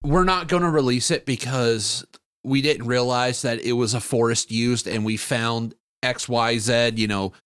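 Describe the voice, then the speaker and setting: A man's voice: medium pitch, fairly even intonation, a little slow, a bit bright, clean tone, no echo. Blunt, profane man on a dry mic. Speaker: podcast guest. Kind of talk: casual podcast chat.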